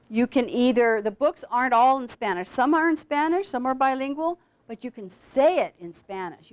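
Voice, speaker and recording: A woman teaching a class of students how to read aloud to young children, with an animated, coaxing teacher's voice. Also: high-pitched. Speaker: literacy program founder teaching students.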